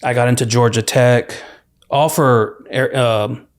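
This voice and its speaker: A young man from California shares his life story as a guest on a podcast. He talks in a loose, rambling way, full of "like" and "you know," at an ordinary mid-range pitch. His delivery sounds easygoing and conversational. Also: unhurried, clear, resonant tone. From California, USA. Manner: relaxed, rambling, many "like" and "you know" fillers. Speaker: podcast guest, university student. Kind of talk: casual storytelling interview.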